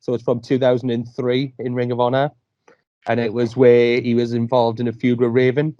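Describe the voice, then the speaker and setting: A man's voice: mid-range voice, completely flat delivery, brisk, warm tone, no echo. Easygoing man on a dull, dry line. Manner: easygoing, says "mate", laughs along. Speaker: podcast co-host. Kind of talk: casual chat. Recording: dry, slightly dull remote call audio.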